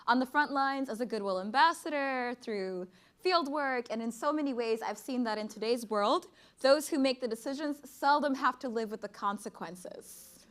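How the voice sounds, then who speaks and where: Young woman from Sudan, poet and speaker at a conference, emphatic and rhythmic, voice on the higher side. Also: normal speed, a bit bright. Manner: earnest, emphatic, rhythmic delivery. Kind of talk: conference speech and spoken-word poetry. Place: conference stage before an audience.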